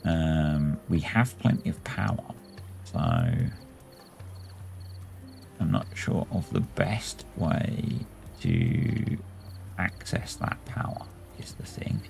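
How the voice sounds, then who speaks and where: Very deep, gravelly man thinking aloud. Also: very animated, slow pace, long pauses, darkish tone, soft background music. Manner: musing, talks himself through each choice. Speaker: let's play host. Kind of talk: thinking aloud while playing a city-building game.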